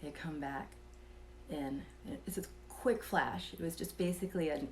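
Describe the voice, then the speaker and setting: A woman telling a personal story in a casual, soft-spoken way, sometimes dropping to a whisper and chuckling between thoughts. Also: sits low, normal speed, slight background noise. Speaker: vlogger telling a personal experience.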